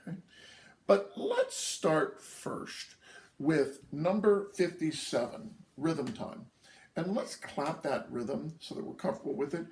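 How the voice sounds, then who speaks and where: Male drum instructor, patient and methodical, counts aloud; gravelly tone, recorded distant in an echoey room. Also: fairly high pitch, a little hiss or hum. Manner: patient, counts rhythms aloud, checks in with "okay?". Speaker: drum teacher. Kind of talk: instructional lesson.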